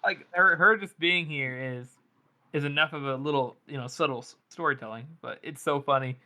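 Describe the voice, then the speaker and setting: A man talking eagerly on a book podcast, tripping over his words. His voice is bright and edgy. It sits a little high. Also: normal speed. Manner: stammering restarts, enthusiastic. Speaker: podcast co-host. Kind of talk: casual book discussion.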